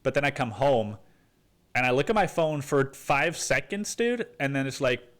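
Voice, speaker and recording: A man's voice: mid-range voice, lively intonation, normal speed. A male podcast host rants on his own into a microphone in a mid-range voice. He rambles and swears freely, and he drops "dude" into nearly every sentence. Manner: profane, rambling, says "dude" constantly. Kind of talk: solo rant podcast.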